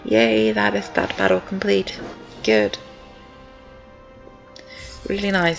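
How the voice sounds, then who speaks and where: Rambling young gamer with a gravelly voice. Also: medium pitch, very animated, slow, pauses often, a bit bright, poor audio. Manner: rambling, chatty, repeats itself with many ums. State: out of breath, sore throat. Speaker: let's-play commentator. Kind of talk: casual gameplay commentary. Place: indoors at home, rain on the windows. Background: game music.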